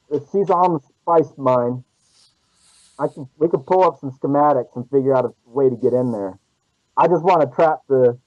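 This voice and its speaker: A man's voice: a little high, dry recording, highs cut off. A man playing a tabletop role-playing game, casually thinking aloud about his group's plans. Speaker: player.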